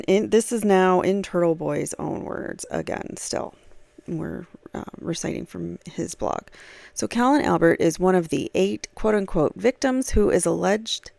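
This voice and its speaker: A woman's voice: on the low side, creaky, a little mellow, no room sound. A woman commenting on a true crime case, reading aloud from a blog with frequent fillers and casual asides.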